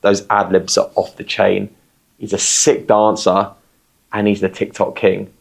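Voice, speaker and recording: Gravelly, husky man, teasing. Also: fairly low pitch, completely flat delivery, measured pace. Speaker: guest musician. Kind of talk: recorded message.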